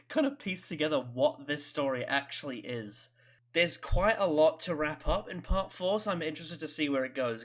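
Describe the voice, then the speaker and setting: A host giving casual, rambling reaction commentary, stammering and laughing often between thoughts. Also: medium pitch. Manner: swears casually.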